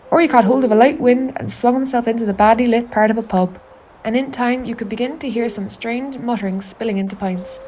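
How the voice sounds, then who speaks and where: A woman's voice: medium pitch, darkish tone, slight background noise. A woman with an Irish accent narrating a confiding spoken-word monologue, intimate, wry and sweary. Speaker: narrator of an autofictional audio artwork.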